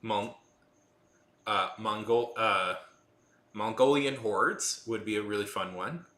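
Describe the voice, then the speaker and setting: A man's voice: fairly low pitch, slow pace, bright, forceful tone, roomy sound. A man hosting a casual live chat, rambling with many restarts and fillers. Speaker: livestream host.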